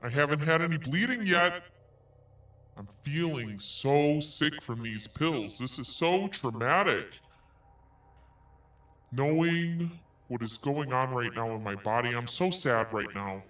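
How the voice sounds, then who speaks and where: A man with a mid-range, fairly bright voice reads slowly and expressively as a whiny, self-pitying woman typing anguished texts. His delivery is dramatic, self-absorbed and full of complaint. The recording sounds echoey and distant, with faint music behind him.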